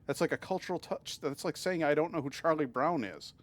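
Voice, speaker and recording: His voice sits on the high side and moves a little fast. He's a man from Massachusetts, USA, casually chatting on a live stream while gaming, answering chat and repeatedly tripping over and restarting what he says.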